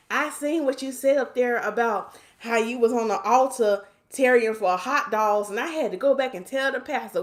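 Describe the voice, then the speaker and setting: A woman from North Carolina, hosting a live stream and reading viewer comments aloud in a chatty, playful way. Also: mid-range voice.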